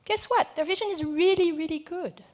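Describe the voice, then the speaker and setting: A woman's voice: very high-pitched, normal speed. A woman explaining in an emphatic, rhetorical lecture style.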